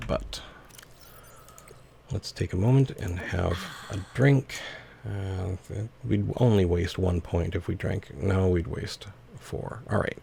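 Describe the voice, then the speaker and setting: Man, gameplay commentary, unhurried, heavy fry, faint background noise. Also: on the low side, warm tone. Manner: musing, talks to himself while playing. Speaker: let's play host.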